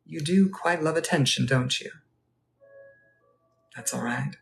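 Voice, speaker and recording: A man playing a genteel Edwardian gentleman. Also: on the high side, unhurried, creaky, soft background music. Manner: formal, courteous, old-fashioned phrasing. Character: genteel Edwardian gentleman at a ball, polite and wistful. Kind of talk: live interactive character role-play.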